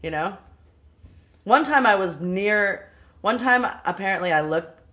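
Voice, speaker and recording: A young woman chatting casually about a film, animated and quick to laugh. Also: medium pitch. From Los Angeles area, US. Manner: animated, laughs often, quotes people in voices. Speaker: podcast co-host.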